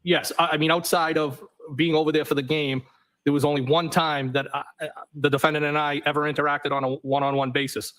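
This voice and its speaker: A man on the witness stand, reading text messages aloud in a matter-of-fact way and saying the punctuation marks out loud. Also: on the high side, level tone, fairly quick, rough recording. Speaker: trial witness.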